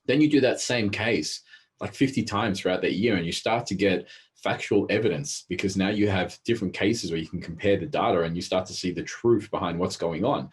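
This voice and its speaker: A man talking as an interview guest, telling stories in a fast, animated way. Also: low-pitched, slightly rough. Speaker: interview guest, behavioural specialist. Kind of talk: casual interview talk.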